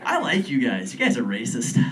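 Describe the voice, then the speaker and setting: A man's voice: mid-range voice, wildly swooping pitch, normal speed, distant mic, very noisy. A young man doing a stand-up set in a comedy club, rambling and chuckling at his own jokes. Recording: club room, crowd laughter. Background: audience laughter.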